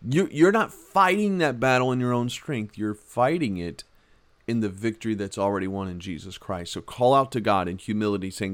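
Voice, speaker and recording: A man teaching a Bible lesson on his podcast, telling a self-mocking everyday story in a conversational way, then gently urging listeners on. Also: on the low side, animated, moderate pace, no room sound. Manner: earnest, gently exhorting. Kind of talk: casual devotional podcast talk.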